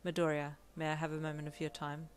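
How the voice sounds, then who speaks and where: A woman reading a fan audio story and voicing a reserved young male hero who speaks softly and formally. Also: sits low, monotone, fast talker, smooth, natural voice. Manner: quiet, formal, soft-spoken.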